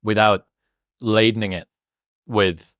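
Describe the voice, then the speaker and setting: A man hosting a podcast who asks questions and adds thoughtful, measured comments. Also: fairly low pitch, steady tone, fairly bright tone, no echo, clean studio sound. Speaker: podcast host. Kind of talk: interview questions.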